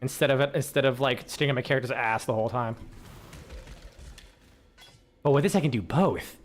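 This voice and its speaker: A man's voice: medium pitch, a little fast, faint music behind. A male streamer chatting casually while he plays, rambling and swearing as he tells stories. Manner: rambling, swearing, laughing storyteller. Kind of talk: casual chat while gaming.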